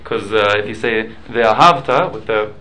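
A man's voice: mid-range voice, brisk, fairly bright tone, rough recording. A man leading a casual study class, explaining points patiently, mixing in Hebrew and Aramaic study terms and checking in with listeners. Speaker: Talmud class teacher.

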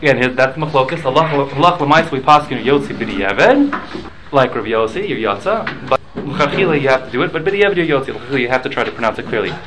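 A man's voice: medium pitch, expressive, quick pace, hardly any pauses, noisy background. A man leading a casual study class, explaining points patiently, mixing in Hebrew and Aramaic study terms and checking in with listeners. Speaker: Talmud class teacher.

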